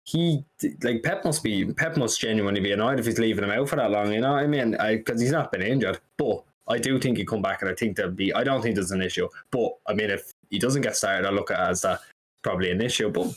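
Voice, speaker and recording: A rapid-fire man with a lowish voice, chatting casually about football as a podcast co-host. His talk runs on and on, animated, with the odd swear word dropped in.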